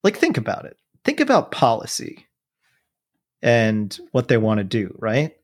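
Man, podcast co-host, casual political chat, animated, mid-pitched voice. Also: a little slow. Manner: animated, quotes others in mock voices.

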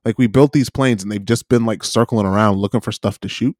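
This young man co-hosts a podcast, rambling through a story in casual conversation full of fillers and acted-out quotes. His voice is fairly low and a little mellow, and he speaks fairly quickly. The recording is dry and studio quality.

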